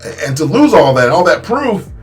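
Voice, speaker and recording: A young man telling his story in a casual vlog, animated and emphatic, with many restarts and repeated phrases. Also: fairly high pitch, normal speed, faint music behind. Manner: animated, acts out quotes with voice shifts. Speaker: YouTuber.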